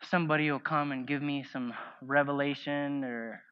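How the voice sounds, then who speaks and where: A man's voice: mid-range voice, fairly even intonation, normal speed, clean tone. A man preaching a sermon, reading scripture and telling a personal story while asking the congregation questions. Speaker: pastor. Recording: dull lo-fi sound with faint music.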